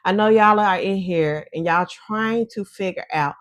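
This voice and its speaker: A woman's voice: mid-range voice, unhurried, no room sound. A woman vlog host with a Chicago accent and Mississippi roots, chatting casually and folksily to her viewers.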